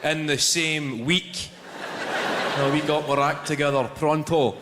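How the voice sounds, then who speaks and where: A Scottish man with a Glaswegian accent performing a stand-up comedy routine, telling a story in a deadpan way with crude swearing. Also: on the high side, unhurried, heavy background noise. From Scotland. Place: large live venue. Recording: echoey hall with loud ambience. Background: audience laughter.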